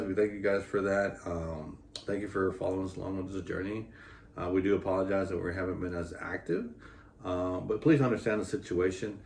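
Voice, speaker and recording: A low, darkish voice heard off the mic comes from an expecting father vlogging with his partner. In casual couple talk about their pregnancy, he rambles with heart and plenty of fillers, while the echoey room carries faint noise.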